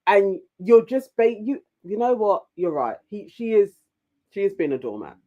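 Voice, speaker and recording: A British woman co-hosting a casual TV recap chat, animated and quick to mimic people in mocking voices. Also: medium pitch, dull audio. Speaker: co-host.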